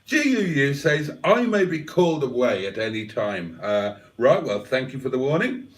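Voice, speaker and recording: Wry man, lively, roomy off-mic sound. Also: mid-range voice, normal speed, distant mic. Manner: dry self-mocking, wordy and mock-formal. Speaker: livestream host. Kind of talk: casual chat reading out live viewer comments. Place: indoors, home livestream. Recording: roomy echo, voice a little off-mic.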